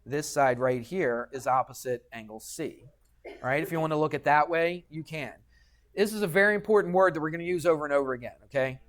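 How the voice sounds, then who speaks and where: In a classroom, a male math teacher works through a geometry lesson, his voice slightly high for a man and fairly bright. He talks a little fast, patient and chatty, checking in with students by adding "okay?" to his points.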